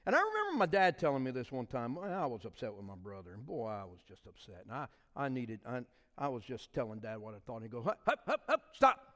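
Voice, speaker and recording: A middle-aged man preaching a sermon, swinging between loud declarations and quiet asides. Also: mid-range voice, big pitch swings, fast talker. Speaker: pastor. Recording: long reverb of a large hall.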